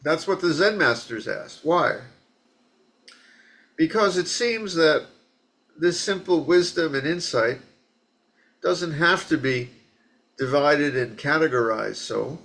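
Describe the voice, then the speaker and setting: Man from New York area, Zen dharma talk, conversational, joking, slightly high voice. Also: takes it slowly, vocal fry, pauses often, a bit bright. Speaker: Zen teacher.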